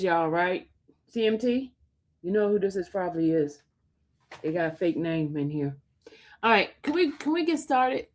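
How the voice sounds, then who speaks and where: A woman hosting a casual livestream, laughing often and teasing her chat, sometimes dropping to a whisper. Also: medium pitch. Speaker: livestream host reading chat.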